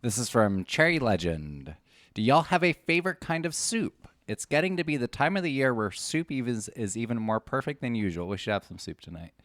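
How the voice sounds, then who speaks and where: A man's voice: mid-range voice, animated, fairly quick, fairly bright tone, no room sound, studio quality. A man co-hosting a podcast, asking playful, teasing questions in casual chat. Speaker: podcast co-host.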